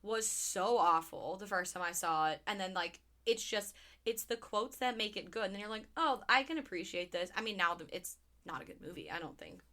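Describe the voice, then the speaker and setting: A woman's voice: mid-range voice, animated, fairly quick, sharp tone. A woman in her thirties co-hosting a podcast, chatting casually and animatedly about movies, swearing freely and quoting lines. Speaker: podcast co-host.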